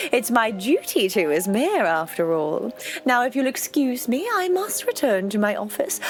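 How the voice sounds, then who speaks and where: A woman playing a pompous small-town mayor. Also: medium pitch. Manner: grandiose, self-congratulatory speechmaking.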